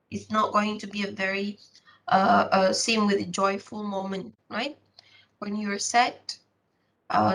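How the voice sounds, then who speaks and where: A woman giving a classroom lecture, explaining step by step with many filler pauses and restarts. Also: medium pitch, a bit bright, low-quality recording.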